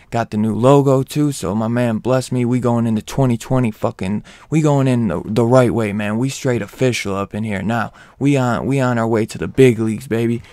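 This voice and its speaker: A man's voice: mid-range voice, warm tone, no echo, studio quality. A man giving a casual comic book spoiler review, slangy and profane, hyped up and rambling with lots of restarts.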